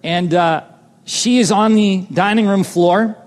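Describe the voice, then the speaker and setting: A man preaching a personal testimony with a slightly raised pitch. He swings from loud, exclaiming lines to quiet, hushed ones. His voice rings out with long reverb, as in a large hall. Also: slow pace. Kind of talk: sermon testimony storytelling.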